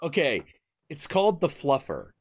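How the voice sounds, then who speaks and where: A man hosting a stream, chatting casually and telling crude, animated stories. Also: on the high side, normal speed, crowd noise. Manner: animated, crude storytelling with bursts of acted quotes. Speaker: stream host. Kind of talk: casual chat.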